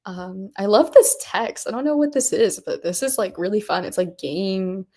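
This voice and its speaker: A woman's voice: mid-range voice, moderate pace, darkish tone. A woman hosting a coding workshop on a livestream, chatting casually and gushing over what she sees with lots of giggles and "oh my God.". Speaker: workshop host.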